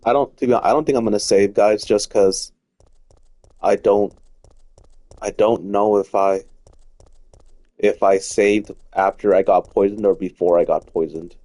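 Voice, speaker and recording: A man's voice: on the low side, steady tone, unhurried, long pauses, mellow, dry recording. A man giving casual let's-play commentary as he plays, rambling, repeating himself and swearing freely. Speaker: gaming streamer.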